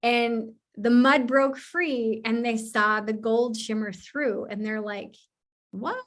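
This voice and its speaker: A woman hosting a podcast, telling stories in a lively, casual way, laughing often and swearing freely. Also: a little high, slow. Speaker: podcast host.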